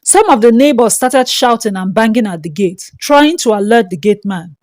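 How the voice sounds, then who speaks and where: A woman, narrating a dramatic folktale in a steady, scripted storytelling manner. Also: fairly high pitch, normal speed, dry recording.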